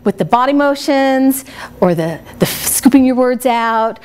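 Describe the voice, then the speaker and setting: A woman's voice: sits high, lively intonation, a little slow, a little mellow. A woman speaking coach teaching a live workshop, playful and laughing with the audience. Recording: noisy room recording.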